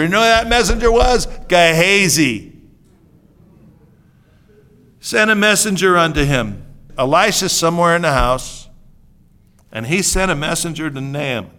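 Animated male preacher with a bright voice. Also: high-pitched. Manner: animated, swings from hushed asides to loud outbursts; conversational, jokes with the congregation. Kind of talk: sermon.

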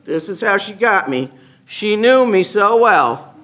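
Man with a high, bright voice; lively testimony speaker who plays out dialogue and laughs often. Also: takes it slowly. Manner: animated storyteller, acts out other people's lines; laughs often while talking. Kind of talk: personal testimony told to a live group. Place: meeting room with a gathered group.

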